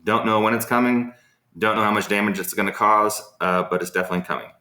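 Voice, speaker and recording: A man's voice: lowish voice, steady tone, fast, bright, forceful tone. A man hosting a casual live Q&A, telling rambling stories full of fillers and answering viewers' questions. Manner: rambling, anecdotal, frequent fillers. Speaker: host of a live Q&A. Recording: echoey room.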